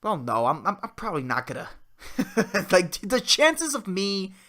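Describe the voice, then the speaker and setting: A man in his twenties hosting a solo podcast, ranting in a profane, excitable way and peppering his talk with "dude" and "man". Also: sits high, a little slow. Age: 20s. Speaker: podcast host. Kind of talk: solo comedic rant.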